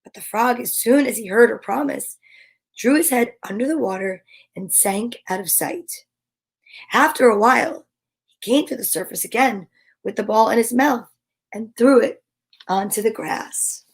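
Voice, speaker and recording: A woman's voice: on the high side, moderate pace, gravelly, husky. A woman hosting a storytime, reading a fairy tale aloud with playful chatty asides. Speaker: storyteller host. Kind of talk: children's read-aloud.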